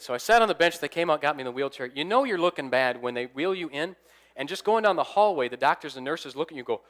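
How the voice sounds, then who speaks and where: A man's voice: fairly high pitch, animated, quick pace, fairly bright tone. A young adult man, an assistant pastor, preaching a sermon as a personal story and acting out the dialogue.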